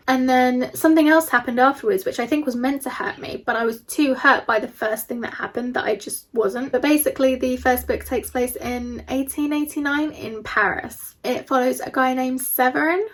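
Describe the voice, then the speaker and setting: A woman's voice: sits high, steady tone, normal speed, few pauses. A young woman chatting enthusiastically in a casual book vlog, laughing between points. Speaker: book reviewer.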